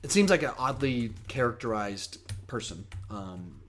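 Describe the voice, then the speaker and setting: A young man hosting a casual livestream Q&A, talking in a rambling, animated, self-mocking way. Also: medium pitch, a little slow, a little hiss or hum. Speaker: host.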